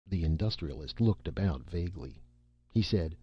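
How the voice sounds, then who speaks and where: A man narrating a science fiction story as an audiobook, expressive and shifting into character voices. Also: deep voice, moderate pace, breathy edge, dry recording. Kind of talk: scripted narration. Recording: dull lo-fi, dry.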